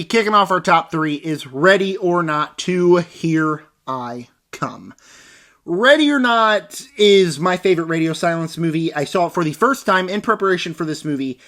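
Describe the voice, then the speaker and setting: Bright, high-voiced young man reviewing movies. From United States. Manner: animated, rambling, acts out scenes in quick impressions. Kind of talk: casual movie review vlog.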